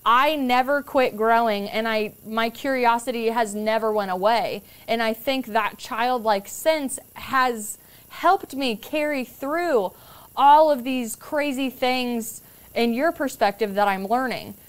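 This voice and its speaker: A young woman, a guest on a podcast, tells stories in a candid, casual chat, swearing freely and imitating other people's voices. Her voice sits a little high, with a clean tone and a slow pace.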